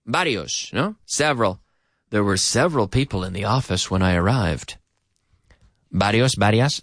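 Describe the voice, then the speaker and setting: A man teaches English on live radio, his pitch jumping all over as he drills words by repeating them slowly. He drops in Spanish phrases now and then. The studio mic sounds dry and close. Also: sing-song, fairly bright tone, dry recording. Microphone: studio microphone with headphones.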